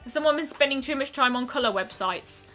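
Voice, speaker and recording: A woman's voice: sits high, expressive, quick pace, fairly bright tone, soft background music. A woman streaming a game, musing aloud in casual commentary with lots of ums and trailing thoughts.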